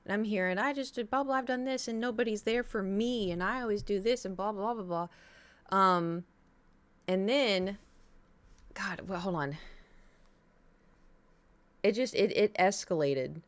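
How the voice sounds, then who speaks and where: A woman talks to her live stream chat in a loose, rambling way, piling one aside onto the next. Her voice sits at an ordinary middle pitch. She sounds casual and animated. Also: measured pace, pauses often. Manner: chatty, rambling, animated retelling.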